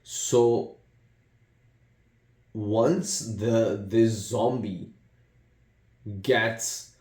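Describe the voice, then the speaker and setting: A man's voice: mid-range voice, dark tone, echoey room. A man giving a casual, rambling spoken movie review, retelling scenes with many fillers and restarts. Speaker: film reviewer.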